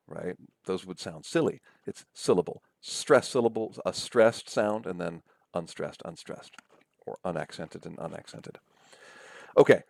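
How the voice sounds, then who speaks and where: A deep-voiced man with a gravelly edge explains things slowly and patiently, pausing to check in with his listeners. His delivery has the measured pace of a professor's recorded lecture, and he stretches out words to sound them out. The recording is close and dry. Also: darkish tone, dry recording. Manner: patient, repeats words and checks in with "right?" and "okay?"; slows down to sound out syllables.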